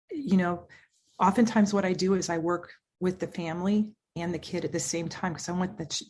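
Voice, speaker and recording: A woman speaking as a clinical psychologist guest in a podcast interview, talking in an animated way and acting out the voices she quotes. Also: fairly low pitch.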